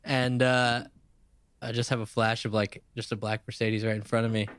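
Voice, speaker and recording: Guy on a podcast telling a long sweary story, mid-pitch voice, dead dry sound. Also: moderate pace, smooth, no echo. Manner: profane, animated anecdote-telling with laughs. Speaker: podcast co-host. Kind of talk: casual chat, storytelling.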